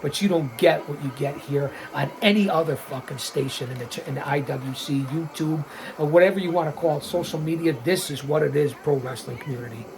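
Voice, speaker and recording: A man in his sixties giving excitable, blunt, profane wrestling commentary as a watch-along host, calling out mistakes. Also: on the high side, fairly quick, gravelly, noisy background. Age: 60s.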